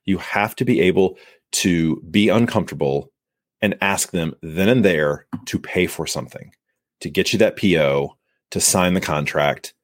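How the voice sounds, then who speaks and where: A man's voice: low-pitched, no echo, studio quality. A man hosting a sales podcast, coaching listeners in an emphatic monologue and acting out short exchanges with buyers. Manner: emphatic, coaching, acts out buyer and seller lines. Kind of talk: solo podcast advice monologue.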